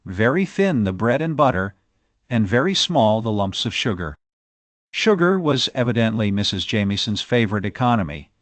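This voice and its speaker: Male audiobook narrator, classic novel, lively pitch, dry close sound. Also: dry recording.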